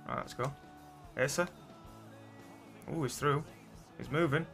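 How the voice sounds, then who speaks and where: A young man commentating his own football video game match, muttering to his players and then yelling at them. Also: medium pitch, gravelly. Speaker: gaming streamer. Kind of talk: excitable gameplay commentary.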